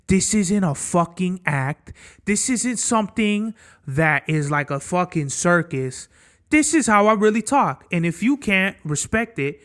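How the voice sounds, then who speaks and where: A young man with a slightly high voice tells a travel story on his podcast in loose, casual speech. He talks bluntly, swears constantly and stays animated throughout. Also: unhurried. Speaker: podcast host.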